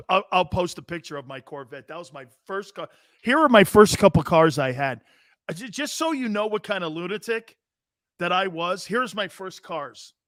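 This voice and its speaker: A sports talk show host in his fifties tells a rowdy story casually, brash, animated, and swearing. His voice sits a bit high for a man, and the sound is close and dry with no room echo.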